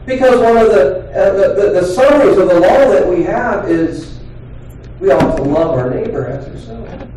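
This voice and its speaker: A man preaching a sermon as pastor, talking in an earnest, conversational way with pauses and restarts. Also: high-pitched, expressive, mellow, slight background noise. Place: church sanctuary. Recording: very echoey hall, voice from far off.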